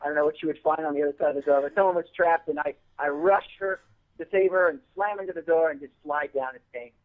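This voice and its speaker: A man's voice: a little high, fast talker. A man, a guest actor on the show, chatting casually and rambling with lots of restarts. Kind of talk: casual chat. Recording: phone-line audio.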